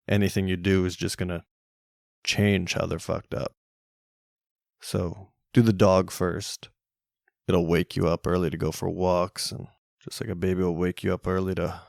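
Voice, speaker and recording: A man's voice: low-pitched, gravelly, darkish tone, dry recording, clean studio sound. A young man hosting a solo podcast, rambling casually with jokey, self-mocking, crude humor. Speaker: podcast host.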